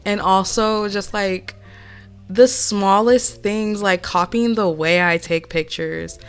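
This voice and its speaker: A woman's voice: mid-range voice, fairly even intonation, slow, clean tone, soft background music. A woman with a nasal voice from a cold, chatting candidly through a casual voiceover Q&A as a nail artist and channel host. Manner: chatty and candid, with many fillers. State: sick with a cold. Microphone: home voiceover mic.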